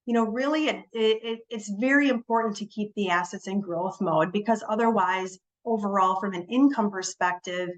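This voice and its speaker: A woman of medium pitch presents a finance webinar in an easy, conversational way. She explains step by step, fills her pauses with ums and repeats a word now and then. She leans on the key words to stress them. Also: low-quality recording.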